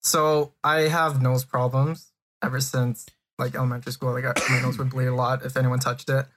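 A young man on a podcast in casual chat, telling a story in a hesitant, halting way. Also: medium pitch, level tone. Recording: noisy mic with clicks.

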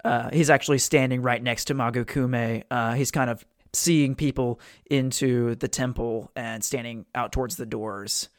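A man's voice: mid-range voice, fairly even intonation, normal speed, hardly any pauses, no room sound, studio quality. A man narrating a tabletop game as game master, loose and hesitant, with lots of fillers.

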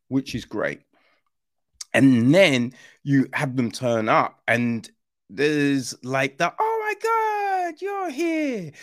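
A man hosting a film podcast, reviewing a movie in loose, slangy casual chat, acting out quoted lines and leaning on fillers. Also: mid-range voice. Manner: animated, slangy, acts out quoted lines in other voices; drawn-out, loose delivery with many fillers.

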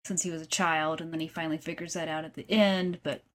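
A woman's voice: low-pitched, steady tone, fast talker. A woman co-hosting a podcast, chatting casually about a film, often agreeing, laughing, and searching for words. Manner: agreeable, giggly, hesitant. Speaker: podcast co-host. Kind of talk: casual movie review chat.

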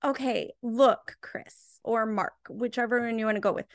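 A woman's voice: fairly high pitch, fairly even intonation, moderate pace, no echo, clean studio sound. A woman co-hosting a casual movie chat, wry and chatty, laughing along. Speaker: podcast co-host.

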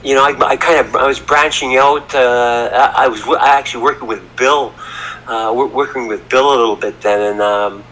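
A man's voice: mid-range voice, steady tone, a little fast, a bit bright, a little hiss or hum, poor audio. A middle-aged man telling a story as a podcast guest, rambling and repeating words, from Canada. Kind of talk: casual storytelling. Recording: faint background ambience.

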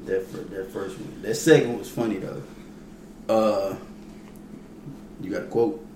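A man's voice: lowish voice, steady tone, measured pace, mellow. A laid-back man co-hosting a casual podcast, trading slangy banter and laughing often. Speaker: podcast co-host. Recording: echoey room with faint noise.

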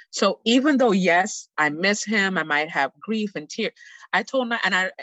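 A middle-aged woman, appearing as a guest, tells a personal story in an earnest, heartfelt and animated manner. Her voice is fairly low, and the dry recording has poor audio quality.

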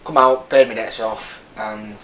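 Measured in pace and steady in tone, his voice is on the low side and a bit bright. He's a Lancashire-accented man in his thirties from Burnley, northern England, an army veteran guest frankly recounting his story in a casual interview, rambling and restarting often. Faint noise and echo fill the room.

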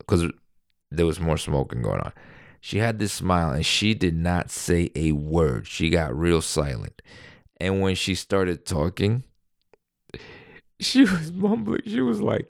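New man, deep, dry close recording, rambling casual storyteller who swears. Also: dry recording. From New York. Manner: rambling, animated, swears freely.

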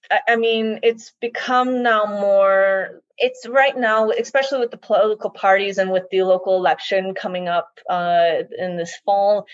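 A woman's voice: medium pitch, no room sound. A woman giving a casual interview, thinking aloud with frequent restarts and fillers. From United States. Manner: hesitant, many restarts and likes, reflective. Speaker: interview guest. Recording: dull, slightly muffled dry sound.

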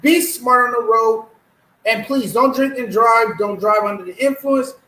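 A man's voice: extremely high pitch, measured pace, sharp tone. A man co-hosting a casual sports talk show, earnest and emotional, often repeating himself. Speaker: co-host. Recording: roomy echo.

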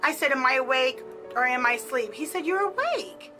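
A woman's voice: high voice, fairly even intonation, a little fast, sharp tone, soft background music, poor audio. A middle-aged woman casually telling a personal story, chatty and full of filler words. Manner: chatty, peppered with "like".

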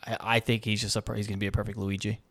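A man's voice: lowish voice, level tone, rapid-fire, a bit bright, no echo, clean studio sound. A man co-hosting a casual gaming news podcast, chatty and upbeat. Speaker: podcast co-host.

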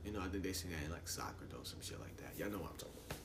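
A man's voice: low-pitched, expressive, racing, background noise. Profane, rambling young man on a podcast. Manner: loose, profane and rambling, with laughs. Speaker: podcast host. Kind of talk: casual solo podcast rant.

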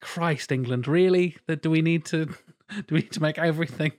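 A man's voice: on the high side, moderate pace. Man in casual podcast chat, acting out voices. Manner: animated, acts out voices in quotes. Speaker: podcast co-host.

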